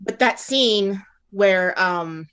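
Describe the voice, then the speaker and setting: Woman, conversational storyteller, medium pitch, animated delivery with plenty of "um" and "like", slips into quoted dialogue. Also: very slow, clear, resonant tone. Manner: frequent fillers like "um" and "like". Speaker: guest, past-life reader.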